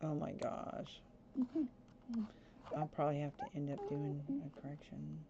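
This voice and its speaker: A woman streaming a life-sim game, chatting casually and breaking into excited squeals. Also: deep voice, measured pace, vocal fry. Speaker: gaming streamer. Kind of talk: casual gameplay commentary. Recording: slightly dull sound with faint background hiss.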